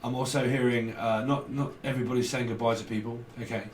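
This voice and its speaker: A man's voice: medium pitch, little pitch movement, quick pace. Rambling man in an echoey room. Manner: rambling, jokey, chuckles between thoughts. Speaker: tarot reader. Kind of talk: casual tarot reading to camera. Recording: roomy echo, distant from mic, faint noise.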